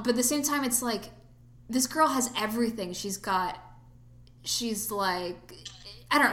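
A woman chatting casually as a film podcast co-host, her voice pitched a bit high and bright with a forceful edge. She talks in loose, filler-heavy runs. The sound carries a noticeable room echo. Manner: chatty, lots of fillers, animated swings in pitch. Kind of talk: casual chat. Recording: echoey room.

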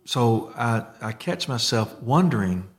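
A man's voice: mid-range voice, lively intonation, a little slow. A man in casual conversation about faith, telling a story with lots of restarts and fillers.

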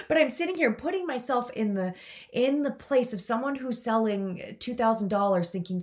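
A woman's voice: on the high side, expressive, normal speed, a little mellow. A woman hosting a motivational podcast, talking to her listeners in an enthusiastic, chatty way. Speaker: podcast host and coach.

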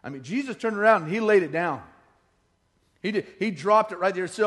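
A male pastor preaching a sermon, telling stories with lively acted-out quotes. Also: high voice, fairly quick. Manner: animated storytelling, acting out quoted voices. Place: church hall.

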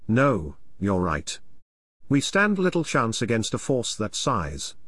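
A man reading the part of a steady war leader giving measured, decisive orders. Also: fairly low pitch, husky, dry recording, studio quality, full character voice. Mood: resolute.

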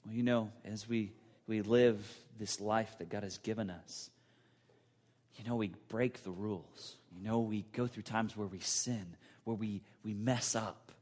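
A man's voice: on the low side, fairly even intonation, a little slow, darkish tone. Earnest man preaching a sermon. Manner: storytelling, personal and earnest. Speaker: pastor.

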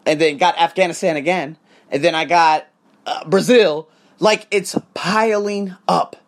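A man tutoring and podcasting, talking in a casual vlog monologue and telling punchy, profane stories with quoted dialogue acted out. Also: a little slow. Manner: animated storytelling with acted-out quotes; profane and punchy, repeats "boom".

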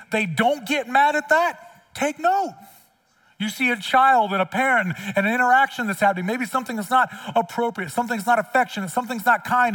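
A man's voice: high-pitched, a bit bright, recorded from a distance. A middle-aged man preaching a sermon as pastor in a church, conversational and blunt, repeating lines for emphasis. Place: church sanctuary.

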